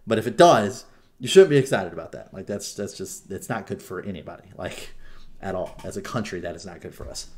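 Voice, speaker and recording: A young man hosting a podcast in casual chat, an animated storyteller who swears freely. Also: sits low, brisk. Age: young adult. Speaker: podcast host.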